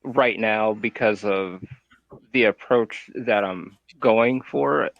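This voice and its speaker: A man's voice: on the low side, slow, vocal fry, no room sound, dull audio. A man guesting on an interview, talking in a loose, hesitant, slangy way and laughing often. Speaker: guest comic artist. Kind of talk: casual interview chat.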